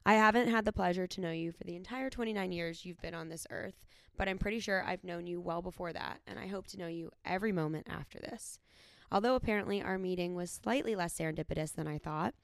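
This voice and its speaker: A woman's voice: on the low side, quick pace, vocal fry, no room sound, clean studio sound. A woman in her thirties, a podcast co-host, reading her wedding vows aloud in a tender, sincere way.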